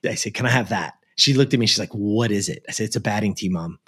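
A man's voice: lowish voice, fast, fairly bright tone, slightly rough. A man from the United States telling a personal story as an interview guest, earnest and emphatic, with many casual fillers. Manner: earnest and emphatic, with frequent "like" and "you know".

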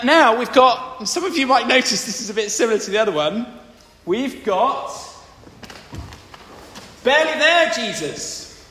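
Playful posh English vicar leading a family sermon; bright tone, long church reverb. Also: male voice, very high-pitched, a little hiss or hum. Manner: playful, drawing in the congregation. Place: large church. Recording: echoey church hall.

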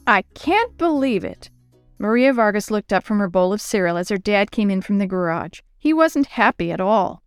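Expressive woman reading a children's story. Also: mid-range voice, normal speed, clean tone, no room sound, clean studio sound.

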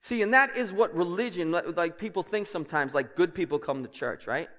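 A man's voice: animated, a little fast, a bit bright. A man preaching a sermon as pastor, passionate and emphatic, with conversational asides to his congregation. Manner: passionate, emphatic preaching that climbs in pitch and volume. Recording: long hall reverb.

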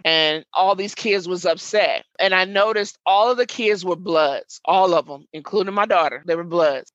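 Woman recounting a harrowing night, bright voice. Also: lowish voice, dry recording, lo-fi sound. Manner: vivid storytelling, reliving events with quoted dialogue. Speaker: interviewee, mother and community worker. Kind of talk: emotional first-person testimony.

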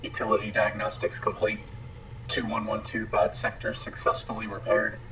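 A man voicing a synthetic computer with a flat, monotone delivery. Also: fairly low pitch, normal speed, distant mic, background noise, natural voice.

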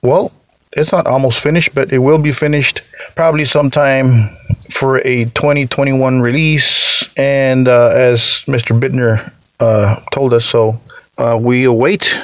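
A man's voice: mid-range voice, fairly even intonation, unhurried, dry recording. Encouraging male podcast interviewer. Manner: brief encouraging reactions, laughs along. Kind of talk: casual interview.

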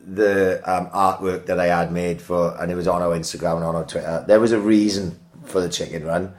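A man's voice: low-pitched, steady tone, fairly quick. A man co-hosting a podcast, trading sweary banter in casual chat. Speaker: podcast co-host.

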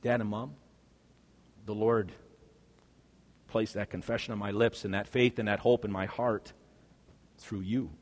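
A man preaching an earnest first-person monologue, swinging between hushed and loud passages. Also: fairly low pitch, fairly even intonation, unhurried, long pauses, long reverb tail.

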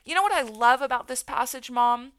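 A middle-aged woman with a slightly high voice hosts a devotional podcast and asks earnest questions. The sound is dry and close to the mic. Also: fairly quick, a bit bright, no room sound. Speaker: host.

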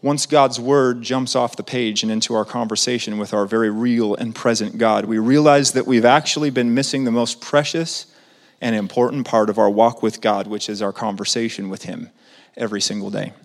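Animated male preacher in a reverberant sanctuary. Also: mid-range voice, normal speed. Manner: conversational, asks the congregation questions; animated, swings between loud and soft. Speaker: pastor. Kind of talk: sermon.

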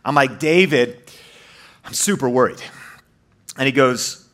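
Animated, bright-voiced storytelling man. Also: medium pitch. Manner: animated, fast and emphatic, with many fillers and restarts. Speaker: YouTube creator telling his story. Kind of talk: storytelling presentation to an audience.

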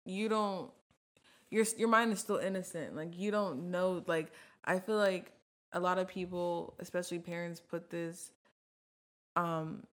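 A woman speaking as a guest in a casual podcast discussion, hesitant and full of fillers. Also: fairly low pitch.

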